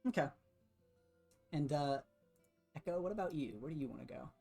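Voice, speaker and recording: Woman game master, very low voice, relaxed narration of players' actions. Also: moderate pace, creaky, breathy edge, soft background music.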